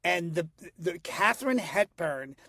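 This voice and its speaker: A middle-aged man, a voice coach, chatting animatedly on a podcast and slipping into quick impressions. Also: high-pitched, expressive, gravelly, pushed and bright, no echo, clean studio sound. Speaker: guest voice coach. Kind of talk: podcast conversation.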